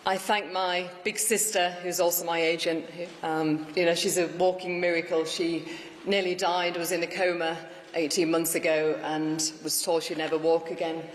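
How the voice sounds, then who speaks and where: In an echoey hall with faint ambience, a newly elected mayor gives an emphatic, rousing victory speech to her audience. Her voice is fairly low, her tone level, and her pace moderate.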